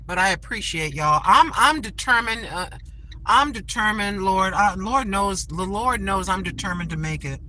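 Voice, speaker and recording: A woman's voice: medium pitch, animated, moderate pace, poor audio. An older woman chatting in a folksy way to her viewers while driving. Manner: chatty, folksy, religious, pleading for subscribers. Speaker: channel host. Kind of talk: casual vlog talk while driving. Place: inside a car on the road. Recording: loud road noise from a moving car.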